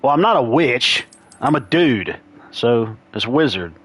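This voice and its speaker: A man's voice: mid-range voice, big pitch swings, measured pace, a bit bright, breathy edge. A young man giving casual, rambling gaming commentary, chuckling as he goes. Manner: rambling, laughing, chatty. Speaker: streamer.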